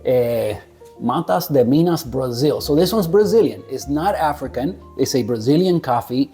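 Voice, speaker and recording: A relaxed man chats to his viewers about a coffee he is tasting. His voice is mellow and rather dark, and he laughs easily and trips over names he does not know. Faint music plays underneath. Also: mid-range voice, moderate pace. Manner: laid-back, chuckling, stumbles over names. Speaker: coffee reviewer. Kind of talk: casual talk to camera.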